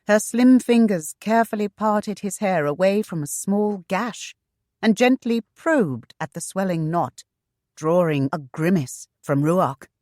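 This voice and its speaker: A woman reading a historical romance novel aloud in a measured, unhurried way. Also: mid-range voice, animated, a little mellow, no echo, clean studio sound. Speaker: audiobook narrator. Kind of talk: scripted narration.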